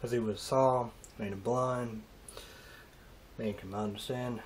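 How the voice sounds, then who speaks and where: A man's voice: medium pitch, fairly even intonation. Rambling man vlogging with faint hiss. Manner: rambling, halting, emotional asides, swearing. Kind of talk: rambling casual monologue.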